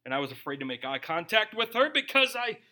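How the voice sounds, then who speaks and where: Bright, high-voiced male pastor preaching. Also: big pitch swings, quick pace. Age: young adult or middle-aged, a parent. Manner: conversational, jokey preaching with acted-out quotes. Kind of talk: sermon.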